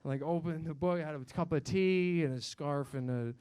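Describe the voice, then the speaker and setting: Bright-voiced young man doing stand-up. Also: a little high, moderate pace, clear, resonant tone, dry recording. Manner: self-mocking, acts out voices, swears. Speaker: stand-up comedian. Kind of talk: stand-up set. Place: comedy club stage.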